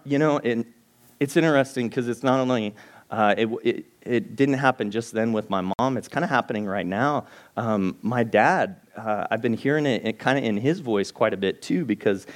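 Earnest man preaching a sermon. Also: fairly low pitch. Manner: earnest, animated storytelling with acted-out prayers and frequent restarts. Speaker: pastor. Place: church sanctuary before a congregation.

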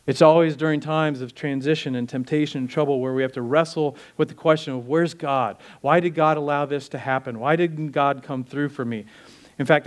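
Male pastor, middle-aged, sermon, emphatic, rhetorical questions, higher-pitched voice. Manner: emphatic, rhetorical questions, rising to fervent peaks.

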